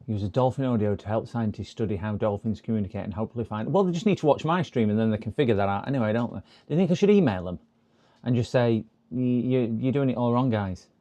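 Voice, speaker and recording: A man's voice: mid-range voice, fast, warm tone, highs cut off. A man chatting casually on a live repair stream, rambling and laughing at his own puns.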